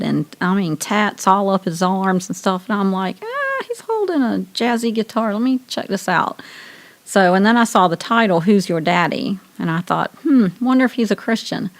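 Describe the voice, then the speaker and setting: A woman with a Southern US accent, co-hosting a radio show in casual chat, talkative and quick to laugh as she tells long stories. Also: on the low side. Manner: chatty, laughs often, tells stories at length.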